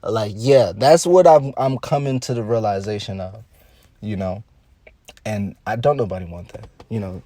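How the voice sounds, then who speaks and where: A man's voice: lowish voice, normal speed, dark tone, dry recording. A man giving casual, rambling commentary on celebrity news, laughing often and repeating himself.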